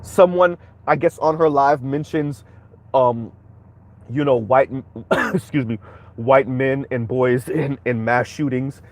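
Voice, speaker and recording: A man's voice: mid-range voice, slow. A man hosting a commentary stream, reacting bluntly and heatedly while speaking straight to his viewers. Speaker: commentary channel host.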